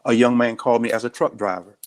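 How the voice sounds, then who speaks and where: Speaking quickly in a mid-range voice with fairly even intonation, this male sheriff from the United States is an interview guest. He shares stories in a plain, earnest manner during a candid conversation.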